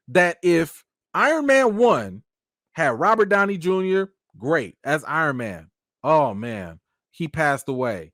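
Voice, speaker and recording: A man's voice: high voice, fairly bright tone, no echo, studio quality. A man giving casual live-stream commentary, emphatic and slangy, firing off rhetorical questions.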